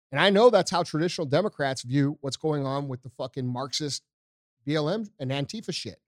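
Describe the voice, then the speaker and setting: A man co-hosting a podcast, talking politics in a blunt, profane, animated way. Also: on the high side, quick pace, dry recording, clean studio sound. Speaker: podcast co-host. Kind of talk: casual political chat.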